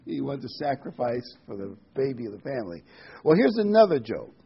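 A man's voice: medium pitch, very animated, fairly quick, gravelly, a little hiss or hum. A man preaching a Bible study sermon, reading scripture aloud, telling jokes and stressing key words. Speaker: pastor. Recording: dull lo-fi recording.

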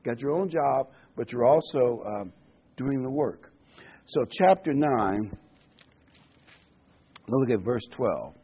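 A man's voice: medium pitch, animated, slow pace, long pauses, breathy edge. A man preaching a Bible study sermon, reading scripture aloud, telling jokes and stressing key words. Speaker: pastor. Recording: dull lo-fi recording.

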